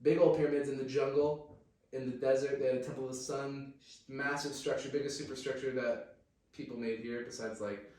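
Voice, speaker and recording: A man's voice: mid-range voice, fairly even intonation, brisk, a little mellow. Joking man in a very echoey room. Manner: joking, rambling, crude. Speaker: podcast host. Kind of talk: casual banter podcast. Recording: very echoey room, mic at a distance.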